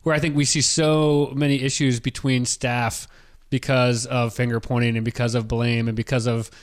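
A man's voice: mid-range voice, level tone, moderate pace. Reflective man hosting an interview. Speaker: host. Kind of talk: casual interview talk.

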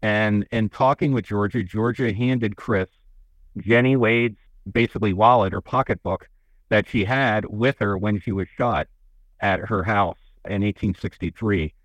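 Low-voiced man telling museum stories. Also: measured pace, dry recording, rough recording. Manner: rambling, folksy storytelling with many restarts. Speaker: museum representative. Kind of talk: radio interview guest. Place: radio studio. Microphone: studio microphone.

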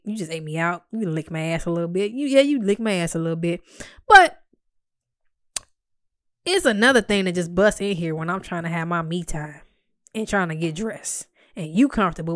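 A woman's voice: mid-range voice, no echo. A woman telling a personal story to her viewers in a candid, blunt and profane way, with dry, exasperated humor, acting out what she said at the time. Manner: blunt and profane, acts out her own quoted lines.

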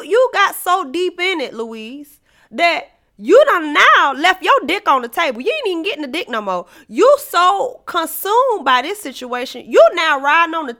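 Woman, podcast host, comedic rant, profane, dramatic swings, bright tense voice. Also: very animated, normal speed. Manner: profane, dramatic, swings from shouting to low asides. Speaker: podcast host reviewing a TV show.

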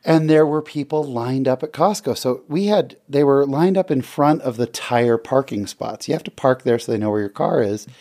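A man's voice: mid-range voice, normal speed, hardly any pauses. Middle-aged male host, mid-range voice, easy anecdotal storyteller. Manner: animated storyteller, laughs often. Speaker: radio show host. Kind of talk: casual talk-show chat.

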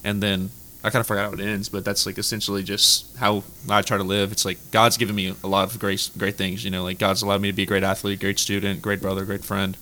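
A man's voice: lowish voice, fast, few pauses. A young man, a college athlete guest, answering questions casually and often saying "like". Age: young adult. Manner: relaxed, heavy use of "like". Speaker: college basketball player and guest.

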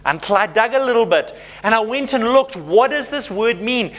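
High-voiced, animated male preacher. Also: moderate pace, hardly any pauses. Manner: animated, conversational preaching with audience check-ins. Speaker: pastor. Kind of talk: sermon.

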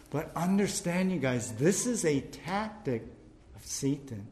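Preacher, male, slightly high-pitched, chatty sermon delivery with playful asides. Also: big pitch swings, unhurried, darkish tone. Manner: conversational preaching, acts out quoted voices; repeats words, frequent "right?" asides. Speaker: pastor.

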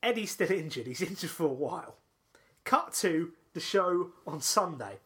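A man co-hosting a podcast, telling a long story in casual chat, excitable and full of restarts and laughs. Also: on the high side, moderate pace. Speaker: podcast co-host.

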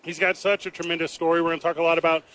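Fast-talking man sports radio host. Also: on the high side, level tone, a bit bright. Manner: brisk, playful, self-teasing. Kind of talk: live radio banter. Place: table at a ballpark, live broadcast.

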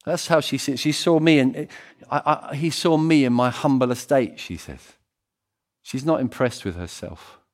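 A man preaching a sermon as pastor, swinging between excited loud passages and quiet, intimate ones. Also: mid-range voice, moderate pace. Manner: animated, swings from loud to hushed.

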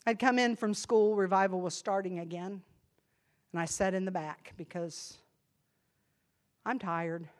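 A woman preaching a sermon, impassioned, swinging from hushed confession to loud emphasis. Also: medium pitch, steady tone, a little slow, pauses often. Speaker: church speaker.

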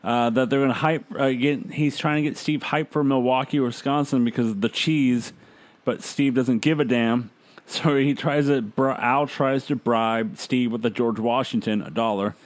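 A man's voice: medium pitch, steady tone, moderate pace. A man hosting a podcast, casually recounting events with frequent "uh" fillers. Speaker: podcast host recapping wrestling. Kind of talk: casual recap chat.

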